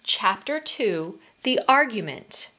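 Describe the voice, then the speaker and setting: Reading a storybook to small children, a woman uses her mid-range voice in a slow, expressive way suited to story time.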